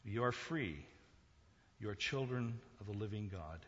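A male pastor giving a sermon, swinging from quiet talk to loud, emphatic preaching. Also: on the low side, expressive, unhurried, big-room sound, dull audio.

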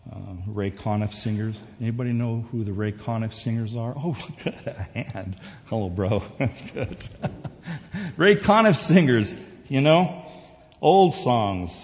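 A male pastor giving a conversational sermon that swells to emphatic peaks, recorded in a church sanctuary. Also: fairly low pitch. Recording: dull distant sound in a reverberant hall.

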